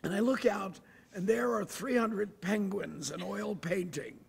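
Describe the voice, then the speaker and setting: A man in his sixties, an actor telling stories in an interview, animated and dropping to hushed asides. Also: high-pitched, unhurried, vocal fry, breathy edge. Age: 60s. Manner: animated, drops to hushed asides, acts out voices. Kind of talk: anecdotal storytelling. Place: theatre.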